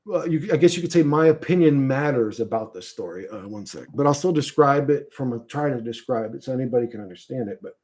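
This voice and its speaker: A man talks in a loose, rambling way, his sentences breaking off and starting again. He swears freely, pauses to gather himself, and reads comments aloud in the same relaxed voice. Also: mid-range voice. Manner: halting, swears often, trails off and restarts. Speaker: streamer recounting a vision. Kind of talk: rambling casual monologue, reading chat.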